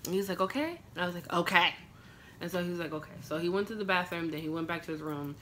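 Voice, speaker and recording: A young American woman chats through a personal storytime, piling up fillers and acted-out quotes as she goes. Her voice sits a little low for a woman. A faint hiss of room noise hangs under it. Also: steady tone, racing. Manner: chatty, filler-heavy retelling with quoted dialogue. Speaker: vlogger. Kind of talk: casual storytime.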